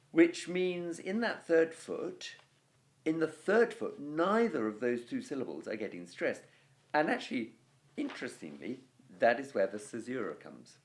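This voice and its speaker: A man teaching a Latin lesson in a casual, chatty way, often checking in with "okay" and "you know". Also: mid-range voice.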